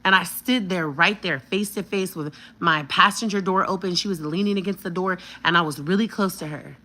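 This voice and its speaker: A woman's voice: on the low side, normal speed, bright, forceful tone, rough recording. A woman in her thirties telling a personal story on a vlog, blunt and emphatic with plenty of cursing.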